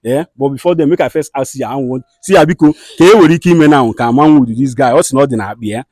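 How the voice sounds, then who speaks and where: Fast-talking Nigerian man hosting a skit. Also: medium pitch, darkish tone, no echo, studio quality. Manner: fast, scolding and soothing by turns. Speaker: skit host and mediator. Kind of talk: comedy skit with direct address.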